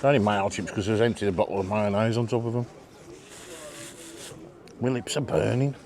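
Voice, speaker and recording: A man's voice: on the low side, fairly quick, darkish tone. A British man hosting a casual food vlog outdoors at a marina, chatting and joking as he eats and reviews the meal. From Britain. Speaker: vlog host.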